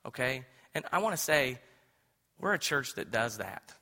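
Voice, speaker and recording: A man in his thirties preaching a sermon as pastor, impassioned, swinging from hushed to loud. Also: mid-range voice, very animated, normal speed, vocal fry. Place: church sanctuary. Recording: echoey hall with long reverb.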